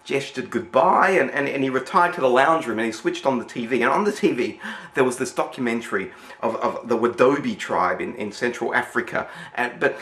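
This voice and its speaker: A man's voice: mid-range voice, lively intonation, brisk, fairly bright tone, roomy sound. Rambling man telling a story. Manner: rambling, many restarts and repeated words. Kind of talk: spoken storytelling.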